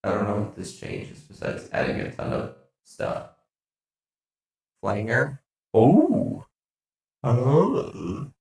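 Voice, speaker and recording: Slow, gravelly-voiced man musing aloud. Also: medium pitch, wildly swooping pitch, a little mellow, no room sound. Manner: muttering reactions to himself. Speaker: channel host. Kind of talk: casual chat while trying out voice effects.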